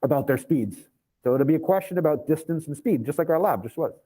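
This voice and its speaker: Male physics teacher, mellow voice, casual and thinking aloud, slow careful formula reading, computer mic on a video call. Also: a little high, expressive, poor audio. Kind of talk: live online class lesson.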